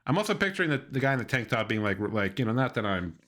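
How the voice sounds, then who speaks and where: A man hosting a podcast in casual chat, laughing often and retelling a story with animated energy. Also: mid-range voice, fast talker. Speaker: podcast host.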